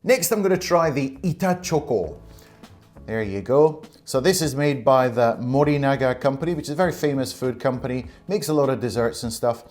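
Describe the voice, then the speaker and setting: A man's voice: medium pitch, darkish tone. A man with an everyday mid-range voice, talking through a snack taste test in a loose, enthusiastic way. He chuckles often and keeps the chat light and friendly. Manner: enthusiastic, chatty, laughs often. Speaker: food vlogger. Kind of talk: casual taste-test review.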